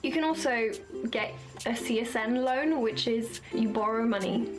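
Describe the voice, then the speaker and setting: A young woman with a light Swedish accent explains things in a bright, high voice, upbeat and joking as she goes. She talks over clear background music in a vlog-style video. Her delivery is playful and chatty. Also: moderate pace. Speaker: YouTuber.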